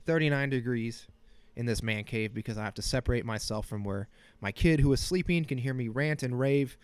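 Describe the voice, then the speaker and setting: A man's voice: medium pitch, brisk, smooth, dry recording. A man in his thirties hosting a casual solo podcast from a small cold home office, joking, self-deprecating and rambling, with a slight sniffle. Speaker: podcast host.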